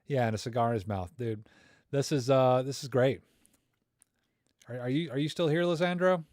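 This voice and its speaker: A man's voice: mid-range voice, normal speed, long pauses, a little mellow, no echo. Joking man in a dry close room. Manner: joking, rambling, thinks aloud with many fillers. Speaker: livestream host critiquing viewer photos. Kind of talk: casual live-stream chat.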